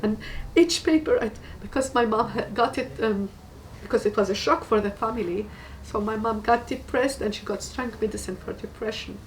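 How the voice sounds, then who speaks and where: A woman tells her personal testimony in a somewhat high voice. She speaks earnestly and haltingly, and she repeats words for emphasis. The mic sits some way off, with a faint hiss behind her. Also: far from the mic, poor audio. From Tunisia. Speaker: guest giving a faith testimony.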